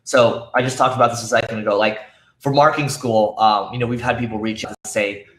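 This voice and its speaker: A man's voice: fairly low pitch, steady tone, fast, a bit bright. A man speaking at a conference, talking casually with many fillers and restarts, his voice worn from use. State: losing his voice. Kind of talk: conference talk. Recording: roomy echo.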